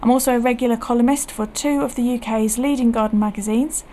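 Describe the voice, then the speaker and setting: A woman's voice: a little high, steady tone, quick pace, slight background noise. A woman hosting a local radio gardening show, chatty and friendly, with frequent ums. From England. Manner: chatty, warm laughs, lots of ums. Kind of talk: casual radio chat.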